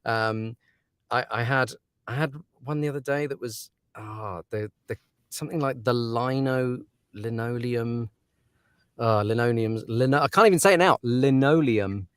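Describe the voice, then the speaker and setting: A man's voice: medium pitch, normal speed, clean tone, no room sound, clean studio sound. A man, an audiobook narrator chatting casually as an interview guest, laughing often and trailing off into fillers.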